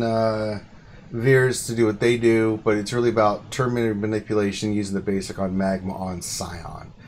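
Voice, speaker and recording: A man hosting a casual gaming chat, talking through team builds with excited outbursts. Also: medium pitch. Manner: excitable, bursts of exclamation. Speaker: stream host. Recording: hissy stream with clicks.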